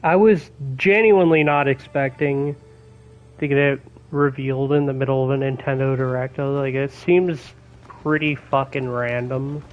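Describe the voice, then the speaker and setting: A young man chatting casually while streaming a game, excitable and swearing a lot, with laughs between his words. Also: mid-range voice, moderate pace, lo-fi sound. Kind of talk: casual gaming stream chat. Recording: faint background noise.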